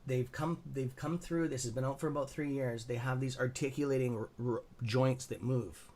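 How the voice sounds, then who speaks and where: A man's voice: mid-range voice, steady tone, normal speed, a little mellow. A man hosting a live trading stream, chatting casually and rambling, swearing freely and laughing at his own jokes. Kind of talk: casual chat.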